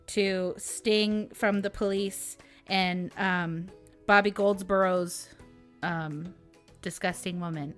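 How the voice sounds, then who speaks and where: A woman's voice: medium pitch, pushed and bright. A woman with a Southern US accent hosting a casual vlog, ranting animatedly with sarcastic asides and frequent laughs. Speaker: vlog host.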